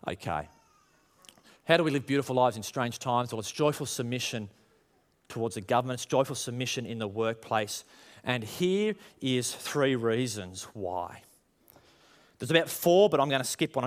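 A man's voice: medium pitch, lively intonation, normal speed. A man, preaching a conversational sermon to his congregation and rising in emphasis as he tells stories. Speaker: pastor.

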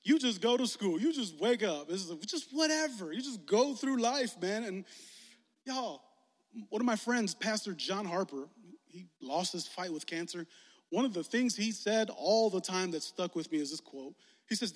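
High-voiced youth pastor in a reverberant hall. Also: male voice, moderate pace. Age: 40s. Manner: lively, joking, rising to shouts. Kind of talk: energetic youth sermon.

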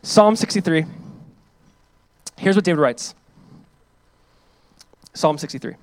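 A male pastor giving a sermon. He talks casually to the congregation and reads scripture aloud with loud, rising emphasis. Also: on the high side, animated, slow pace, pauses often. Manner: calls on the congregation to join in.

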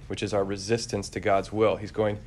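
A man preaching a conversational homily, relaxed and searching, with frequent fillers and restarts. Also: on the low side, a little fast.

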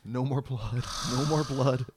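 A man co-hosting a podcast, chatting calmly and supportively while steering the talk. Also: mid-range voice, unhurried, slight background noise. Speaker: podcast co-host. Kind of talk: casual chat.

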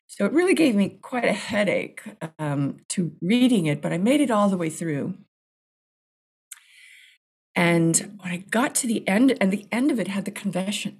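A woman screenwriter, a guest, telling a story in a casual interview, animated and restarting often. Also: lowish voice, creaky, slightly rough. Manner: animated, restarts often, acts out her own reactions.

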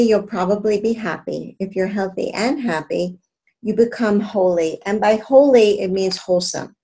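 Woman, meditation teacher, calm and measured, mellow voice, soft mantra chanting. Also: medium pitch. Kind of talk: guided meditation instruction.

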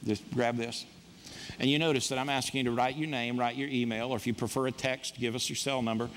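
A man's voice: mid-range voice, fairly even intonation, fast talker, in a large hall, slight background noise. A man preaching to his congregation in an emphatic, punchy style, with lots of repetition. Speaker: pastor. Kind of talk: sermon. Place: church sanctuary.

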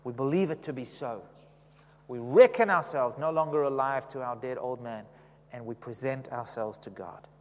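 A man's voice: medium pitch, moderate pace, a little mellow, big-room sound. A man preaching a sermon in a conversational way, often asking the congregation questions.

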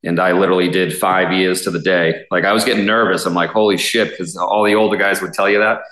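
A man's voice: low-pitched, level tone, fast, sharp tone, reverberant, rough recording. A man, a police officer in his thirties, telling stories in a casual interview, rambling with lots of fillers and swearing. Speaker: police officer, SWAT guest.

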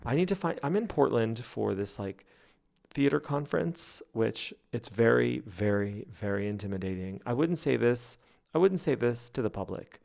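A man hosting a fan podcast, telling stories and chatting in a gossipy, animated way that breaks into laughs. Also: mid-range voice, moderate pace, vocal fry. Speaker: podcast host. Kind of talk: casual chat.

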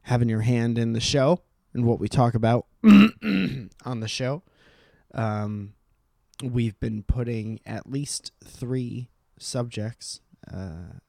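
Man, podcast co-host, casual chat, swears, mid pitch, dry close sound. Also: expressive, takes it slowly, creaky, mellow, dry recording. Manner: loose and swearing, with many restarts.

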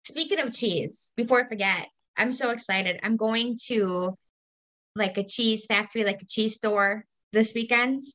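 Podcast co-host, woman, bright girlish voice, chatty and quick to laugh. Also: a little high. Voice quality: girlish, youthful voice. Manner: chatty, laughs easily, retells calls by quoting callers. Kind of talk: casual chat.

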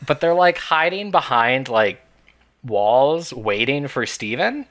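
A man's voice: mid-range voice, big pitch swings, takes it slowly, a bit bright. Man recapping a movie with wry laughs. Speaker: podcast co-host. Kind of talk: casual movie recap chat.

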